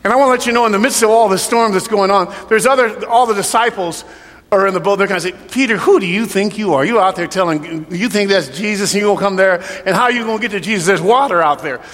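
Preaching pastor in a reverberant church hall. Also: male voice, sits high, fast. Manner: swings from shouted preaching to hushed altar-call prayer. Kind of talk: sermon. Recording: long hall reverb, soft music behind.

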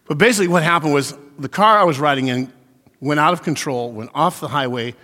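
A man preaching a sermon, animated, acting out little quoted voices as he goes. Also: on the high side, fairly quick, big-room sound. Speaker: pastor.

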